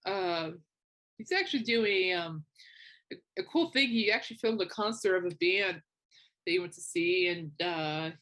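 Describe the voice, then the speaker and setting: A young woman hosting a podcast, telling casual stories in a chatty way with animated quoted asides. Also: mid-range voice. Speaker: podcast host. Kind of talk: casual chat.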